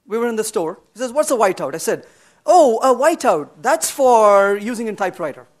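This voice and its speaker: A middle-aged man lecturing at a developer conference, blunt and animated, answering audience questions with humor. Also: sits high, normal speed. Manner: acts out quoted dialogue in changed voices. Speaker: conference speaker. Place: conference room.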